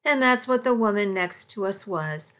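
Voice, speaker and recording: A woman reading a first-person story aloud in a measured, even storytelling delivery. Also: medium pitch. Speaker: audiobook narrator. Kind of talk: first-person scripted narration.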